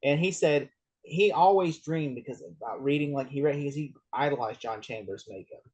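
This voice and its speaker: A man's voice: mid-range voice, moderate pace, darkish tone, slightly rough. A man hosting a casual movie podcast who rambles, riffs with jokes and laughs often. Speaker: podcast host.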